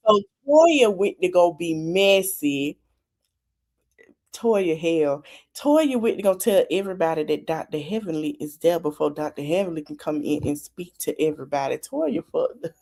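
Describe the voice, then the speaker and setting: A woman's voice: fairly low pitch, moderate pace. A woman hosting a podcast, casually recapping a reality show with lots of laughter and acted-out quotes. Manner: animated, laughing, acts out quotes. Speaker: podcast host.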